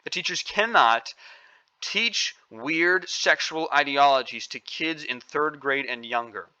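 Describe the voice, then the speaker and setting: Male commentator, indignant and emphatic, higher-pitched voice, opinionated vlog delivery. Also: a little slow, sharp tone, clear, resonant tone, lo-fi sound. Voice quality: emphatic, indignant, repeats phrases for stress. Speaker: commentary vlogger.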